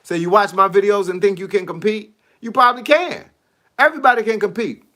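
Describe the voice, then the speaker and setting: High bright-voiced man, laughing coach. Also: a little fast. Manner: animated, laughs often, slangy. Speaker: fitness and boxing coach. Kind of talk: casual live stream chat. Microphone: phone.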